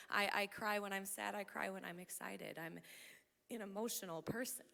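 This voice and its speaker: A woman preaching a sermon, her voice bright and forward as it carries through a large church hall with a long reverb. She talks animatedly, growing loud when excited and laughing often. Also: fairly high pitch. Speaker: church speaker. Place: church auditorium.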